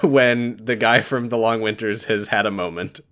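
Male co-host, relaxed recap banter, laughs often, acts out lines. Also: on the low side, a little hiss or hum. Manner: laughing, acts out characters' lines in quick bursts. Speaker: podcast co-host recapping a show. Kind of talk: casual chat.

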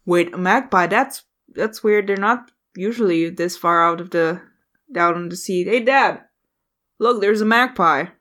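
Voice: medium pitch, sharp tone. Woman voicing a distractible young lookout. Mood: curious. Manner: easily distracted, chatty, halting. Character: excitable young lookout who loves crows.

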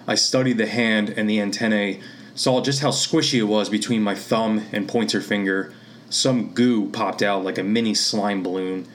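A man from Pennsylvania reading his own literary fiction aloud in a steady, measured way. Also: lowish voice, slight background noise. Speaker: author and reader.

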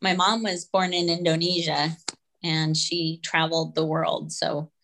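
Woman, podcast guest, slow and unhurried, hesitant with soft laughs. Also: low voice, level tone, poor audio. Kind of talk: casual interview chat.

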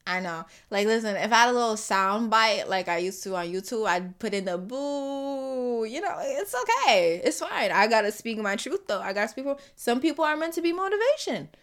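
A woman's voice: on the high side, very animated, fairly quick, few pauses, a bit bright. Caribbean woman musing on a solo podcast. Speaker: podcast host. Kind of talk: reflective solo podcast monologue.

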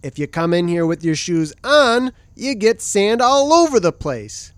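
Nagging explorer guy, played by an actor, slow and whiny, pitch jumps all over, dry close mic. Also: sing-song, dry recording. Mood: exasperated. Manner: whiny, exasperated yelling. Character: fussy, nagging male explorer, easily exasperated. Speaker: performer and show introducer. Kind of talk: comedic audio drama acting.

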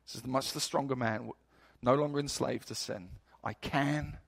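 A man's voice: mid-range voice, normal speed, creaky, husky. A male pastor preaching a sermon in a storytelling manner, building up to emphatic points.

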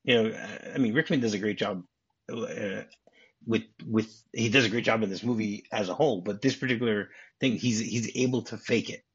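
A male podcast host with a husky voice talks through a movie scene in a relaxed way. He chuckles often and repeats words as he goes. The recording is a bit muffled and lo-fi. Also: on the low side, a little fast. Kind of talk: casual movie discussion.

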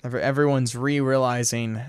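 Podcast co-host, man, smooth clear voice, dry close sound, rambly and excitable. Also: medium pitch, a little fast, no room sound. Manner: excited, rambling, laughs often. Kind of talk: casual chat.

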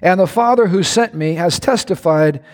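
Man, pastor, sermon, high voice, animated preaching with sudden shouts, long church-hall echo. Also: normal speed.

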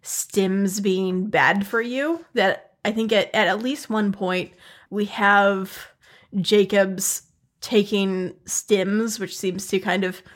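A woman co-hosting a casual podcast chat in a measured, thoughtful way. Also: medium pitch, fairly even intonation. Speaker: podcast co-host.

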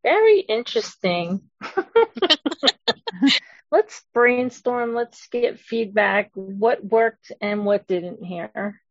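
A woman's voice: medium pitch, lively intonation, very slow, dry recording. A woman facilitating a group discussion, encouraging and giving brief affirmations, over muffled call audio.

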